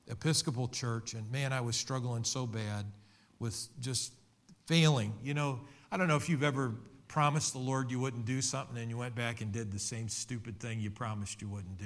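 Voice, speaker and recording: A man's voice: medium pitch, a bit bright. A middle-aged man preaching a sermon, telling a personal testimony in an earnest, conversational way with many restarts. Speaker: pastor.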